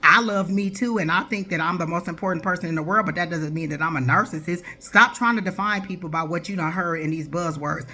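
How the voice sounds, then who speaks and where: A man's voice: high-pitched, a little fast, few pauses, pushed and bright. A man, ranting bluntly to his viewers as a tarot reader, exasperated, preachy and swearing. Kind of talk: ranting to camera.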